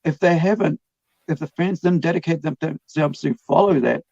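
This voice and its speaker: A man's voice: on the high side, moderate pace, gravelly, a little mellow, no room sound, highs cut off. A man hosting a podcast in casual chat, rambling with many restarts and fillers. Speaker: podcast host.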